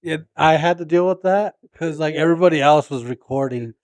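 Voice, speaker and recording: A man in a band telling a story in casual chat, halting and rambling. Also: fairly high pitch, darkish tone, no room sound, studio quality. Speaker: band member.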